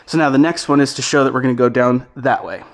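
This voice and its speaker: A man giving a relaxed, chatty on-location tutorial, talking through each step while he walks through a house. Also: medium pitch, quick pace. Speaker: real estate photography instructor. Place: indoors walking through a house.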